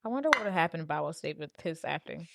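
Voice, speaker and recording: A woman's voice: deep voice, big pitch swings, quick pace, gravelly, a crowd in the background. A woman podcast co-host chatting casually about a movie, with laid-back, joking reactions.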